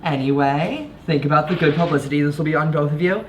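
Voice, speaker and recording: A man's voice: a little high, fast, slight background noise, lightly acted. An actor playing a homeless man telling a dramatic story of his rescue.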